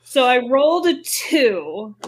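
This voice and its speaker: Female player, fairly high voice, playful and quick to laugh. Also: big pitch swings, background noise. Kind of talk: casual tabletop game chat.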